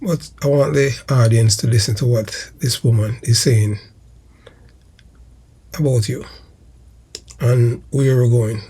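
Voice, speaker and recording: A Jamaican man hosting his channel, delivering a slow, emphatic, repetitive accusatory monologue. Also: mid-range voice, steady tone, warm tone, slightly rough. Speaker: channel host.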